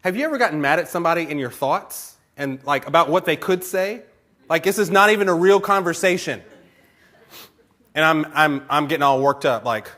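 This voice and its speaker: A male pastor with a twang gives a sermon in church, and his voice sounds bright and a little high. He tells his stories with plenty of laughter and acts out both sides of little conversations. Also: brisk. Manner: animated storytelling, laughs often, acts out conversations.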